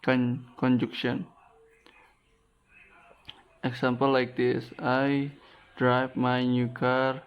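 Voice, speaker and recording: Slow halting man with an Indonesian accent. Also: medium pitch, completely flat delivery, smooth. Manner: halting, with frequent restarts and repeated words. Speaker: student presenter. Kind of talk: reading a class presentation. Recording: dull lo-fi recording.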